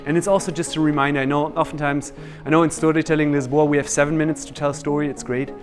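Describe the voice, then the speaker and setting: A man leading a storytelling workshop, energetic and quizzing his audience. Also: fairly high pitch, quick pace, soft background music. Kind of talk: interactive workshop teaching.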